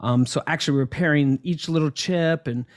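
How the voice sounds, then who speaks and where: A man being interviewed about his path as an entrepreneur, telling stories in a casual, animated way with lots of ums and restarts. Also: a little high, normal speed.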